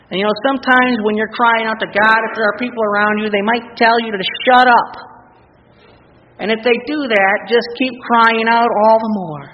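A preacher giving a sermon who reads scripture verses aloud and then speaks directly to the listeners to urge them on. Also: mid-range voice. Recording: long reverb, dull lo-fi sound, faint noise.

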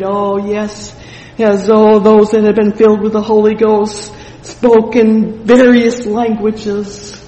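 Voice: mid-range voice, darkish tone, slight background noise. A preacher delivering a fervent sermon, reading scripture and often exclaiming praise between loose, conversational asides. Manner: fervent, punctuated with "praise the Lord"; frequent "you know" fillers and restarts. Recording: echoey hall with long reverb.

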